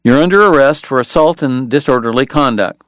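A man voicing a calm, hard frontier lawman who speaks flatly and matter-of-factly in an audiobook. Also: medium pitch, a little fast, no room sound, close to an everyday voice. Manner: calm, flat, matter-of-fact.

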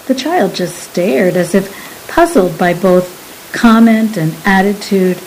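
A woman reading a period novel aloud in a slow, measured audiobook narration. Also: mid-range voice, expressive, darkish tone, slight background noise, low-quality recording.

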